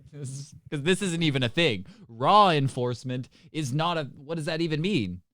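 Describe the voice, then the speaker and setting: A man's voice: fairly high pitch, moderate pace, fairly bright tone, no echo, clean studio sound. A man co-hosting a comedy podcast, joking, teasing and laughing a lot. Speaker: podcast co-host. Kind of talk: casual comedy chat.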